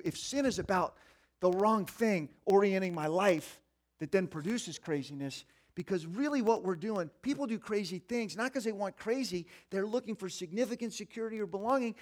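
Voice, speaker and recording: Animated preacher with a fairly high voice. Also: male voice, moderate pace. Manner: animated, swinging between hushed and loud; conversational, streetwise, folksy. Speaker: pastor. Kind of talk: sermon.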